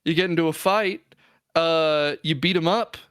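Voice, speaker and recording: A man's voice: on the high side, moderate pace, a bit bright, smooth, dry recording, studio quality. A man co-hosting a gaming podcast, telling stories animatedly with many fillers. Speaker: podcast co-host. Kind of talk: casual gaming chat.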